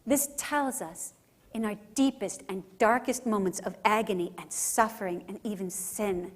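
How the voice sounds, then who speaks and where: A woman's voice: medium pitch, moderate pace. A woman speaker giving an emphatic religious teaching talk at a conference, often checking in with the audience. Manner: emphatic, often tags lines with "right?". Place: conference center.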